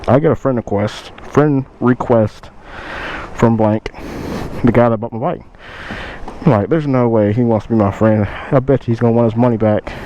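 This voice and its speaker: Young man telling an animated storytime. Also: medium pitch, fairly quick, dull audio, a little hiss or hum. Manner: animated retelling, quotes others in raised voice. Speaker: motovlogger. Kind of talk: casual storytime.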